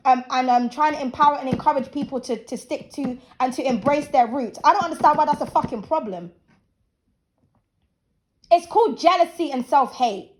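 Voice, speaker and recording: A woman in her thirties hosting her channel, ranting bluntly and profanely in a casual, preachy opinion talk. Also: high voice. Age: 30s. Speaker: channel host. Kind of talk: casual opinion rant to camera.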